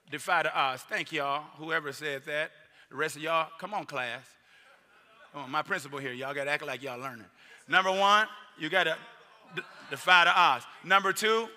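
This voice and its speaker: Bishop, high sharp voice, shifts from quiet asides to shouted preaching, church reverb. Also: male voice. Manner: colloquial, conversational with the congregation. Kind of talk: sermon. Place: large church sanctuary. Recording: long church-hall reverb.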